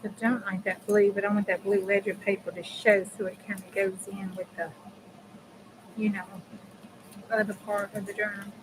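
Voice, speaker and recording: A woman's voice: medium pitch, little pitch movement, normal speed, background noise. A middle-aged woman chatting casually to her viewers while crafting, folksy and talkative. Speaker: craft channel host.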